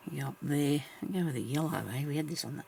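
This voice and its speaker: A woman's voice: low-pitched, fast talker, gravelly, darkish tone, slight background noise. A woman vlogging as she crafts, chatting casually and thinking aloud, laughing often at herself.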